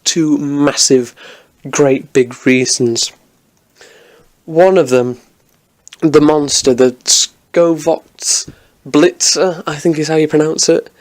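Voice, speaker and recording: A man's voice: fairly high pitch, takes it slowly, pauses often, darkish tone. A man giving an enthusiastic, rambling review of a TV episode in a casual vlog, with many restarts.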